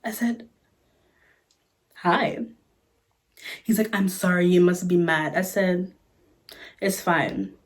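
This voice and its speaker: A woman's voice: on the low side, takes it slowly, pauses often. A woman vlogger telling a story in a casual chat, sassy and exasperated, recorded on a phone camera.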